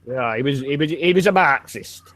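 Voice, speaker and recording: A man's voice: medium pitch, lively intonation, moderate pace, fairly bright tone, slight background noise. A man in his forties with a Yorkshire accent, chatting casually over voice chat and swearing freely in friendly banter. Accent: Yorkshire English. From Yorkshire, England.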